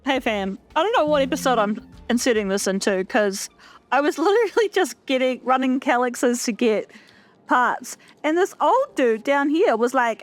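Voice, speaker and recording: A woman's voice: sits high, lively intonation, normal speed. A young woman casually commenting on a video game she plays, chatty and profane with a self-mocking streak. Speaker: gaming channel host. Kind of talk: casual let's play commentary.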